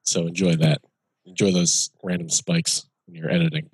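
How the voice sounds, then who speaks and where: Deep husky podcast guest man. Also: level tone, normal speed, darkish tone, no echo. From Massachusetts. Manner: dry, self-deprecating humor. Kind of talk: casual podcast chat over a video call. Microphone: video call.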